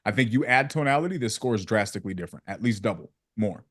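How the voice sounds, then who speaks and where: A man's voice: lowish voice, expressive, fast talker, fairly bright tone, dry recording, studio quality. A man giving direct sales-call feedback in a casual coaching session, using slang and acting out examples. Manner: casual slang, calls people bro.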